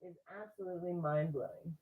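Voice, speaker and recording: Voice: mid-range voice, fairly even intonation, fast talker, narrow, tinny audio, a little hiss or hum. A spiritual card reader in a casual livestream reading. The speaker is chatty and upbeat and makes sarcastic, self-mocking asides.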